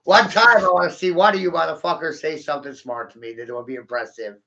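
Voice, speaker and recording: A man's voice: on the high side, quick pace, vocal fry, sharp tone, lo-fi sound. A man rambling through a vlog monologue, cursing, taunting his viewers and laughing at his own jokes.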